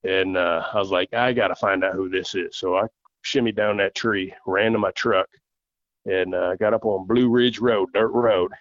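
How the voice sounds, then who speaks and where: A man, a podcast guest telling a long story in a folksy way and acting out other people's voices in it. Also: sits low. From southern United States. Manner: folksy, acts out quoted voices. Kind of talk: casual storytelling. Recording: dull lo-fi dry audio.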